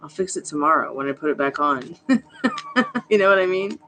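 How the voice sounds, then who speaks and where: A woman's voice: deep voice, animated, a little fast, fairly bright tone, a little hiss or hum. A woman hosting a live tarot reading stream, chatty and reassuring as she greets viewers by name. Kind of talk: casual live-stream chat.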